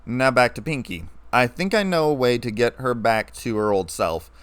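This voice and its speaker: A man reading a story aloud, playing a scarred, weary ex-soldier who speaks in a low, flat, calm way. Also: normal speed, smooth, no echo, close to an everyday voice.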